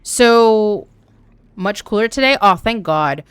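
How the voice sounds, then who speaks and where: A young woman from Canada chatting casually on a live stream while gaming, talking to her chat with an animated, swearing manner. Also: medium pitch, takes it slowly, clean tone, no echo. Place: home room.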